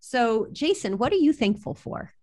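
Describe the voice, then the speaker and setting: A woman's voice: a little high, sing-song, normal speed. Earnest woman sharing devotional thoughts. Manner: warm, earnest, reflective. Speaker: podcast co-host. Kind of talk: casual devotional talk.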